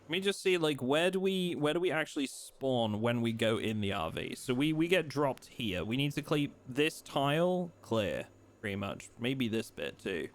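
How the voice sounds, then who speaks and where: A man streaming a game live, chatting casually in a relaxed, rambling way and teasing his chat. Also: mid-range voice, moderate pace.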